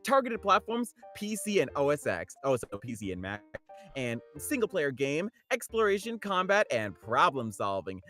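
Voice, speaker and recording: A man's voice: fairly high pitch, wildly swooping pitch, normal speed, sharp tone, soft background music. A man co-hosting a podcast who reads out casting details in an enthusiastic, gushing way. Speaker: podcast co-host. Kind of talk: casual chat, reading casting info.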